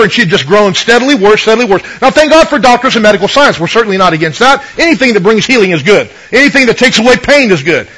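A man with a fairly high voice preaches a conversational sermon, retelling scripture stories and calling for amens from the congregation. It sounds like a radio broadcast. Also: fairly bright tone, rough recording. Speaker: pastor.

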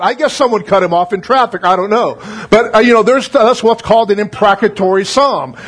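A middle-aged man preaching a relaxed, conversational sermon as a pastor, folksy and joking, often checking in with "right?". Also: high voice, brisk, hardly any pauses.

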